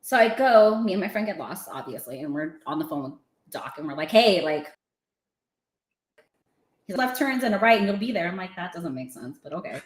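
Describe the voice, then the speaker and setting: A woman's voice: on the low side, a little fast, echoey room. A woman telling a story in casual chat, laughing often and acting out what people said. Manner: animated, laughing, acting out quotes. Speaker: podcast guest.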